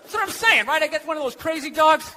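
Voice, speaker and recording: A man doing a stand-up comedy routine on stage, ranting sarcastically and shouting his punchlines. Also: very high voice, animated, fast. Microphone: handheld stage mic. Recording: live stage with loud crowd laughter and noise. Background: audience laughing.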